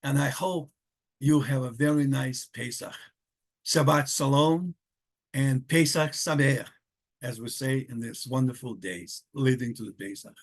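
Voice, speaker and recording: A man's voice: mid-range voice, a little slow. An older man from Israel, a grandfather recording a tender, rambling home video message for his grandchildren. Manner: tender, affectionate, rambling with restarts.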